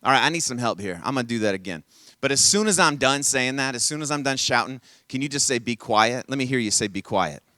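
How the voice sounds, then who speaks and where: A man preaching an energetic youth sermon at a camp session, playfully coaxing the audience to call back lines. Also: medium pitch, quick pace, dry recording. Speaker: camp speaker.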